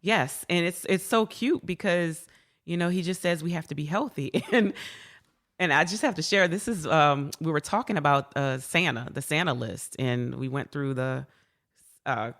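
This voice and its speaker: Woman, very low voice, gravelly, warm casual chat, frequent laughter. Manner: warm, laughs often, repeats words when emotional. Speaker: guest.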